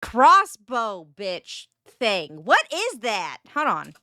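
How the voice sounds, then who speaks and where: A woman's voice: on the high side, huge pitch swings, drawn-out words, bright, forceful tone, slight background noise. A woman streamer reacting to a video in casual, profane chat, exasperated and often laughing.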